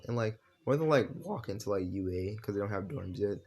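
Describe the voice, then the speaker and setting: A man's voice: lowish voice, expressive, fairly quick, darkish tone. A man improvising a fan story while playing a game, rambling casually with lots of fillers and swearing.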